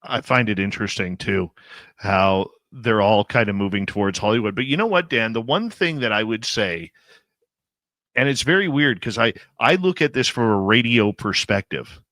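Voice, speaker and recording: A man's voice: fairly low pitch, lively intonation, moderate pace, sharp tone, no echo. A man hosting a radio talk show, chatting with his guest in a conversational, reflective way. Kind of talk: casual radio interview chat.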